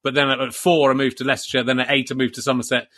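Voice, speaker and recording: A man's voice: mid-range voice, level tone, rapid-fire, bright, forceful tone, no echo. A man from Yorkshire hosting a comedy podcast, with faint traces of a Yorkshire accent, chuckling and self-deprecating in casual chat. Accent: English, faint Yorkshire traces. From Yorkshire, England. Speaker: podcast host.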